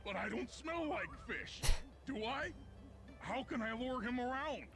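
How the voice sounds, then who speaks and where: A man's voice: very high voice, lively intonation, measured pace, heavily acted. A man voicing an eager, simple-hearted male hippo getaway driver who refers to himself in the third person. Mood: puzzled. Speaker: video game character. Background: game music.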